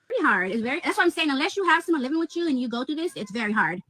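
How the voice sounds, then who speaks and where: A woman's voice: high-pitched, big pitch swings, very fast, a bit bright. A woman on a clipped livestream, ranting in a blunt, heated way, swearing often and repeating herself. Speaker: vlogger.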